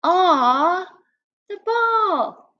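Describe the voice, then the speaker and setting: Teacher putting on clumsy cartoon soccer rookies, high yelps and grunts. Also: female voice, lively intonation, very slow, pushed and bright, muffled recording, heavily acted. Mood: yelping.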